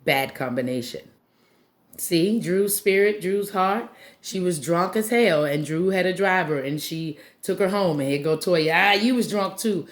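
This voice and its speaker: A fairly low-pitched woman tearing through a reality TV recap with blunt, animated energy. She swears freely and slips into voices to mimic the people on the show. The talk stays loose and conversational throughout. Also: measured pace. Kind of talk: casual profane show recap.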